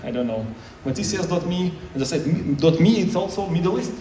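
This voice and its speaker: A conference speaker with a high-pitched, warm voice talks a little fast with lively intonation, and a little hiss or hum is audible. His English is choppy and non-native, full of restarts. The mic sits far off in an echoey conference hall.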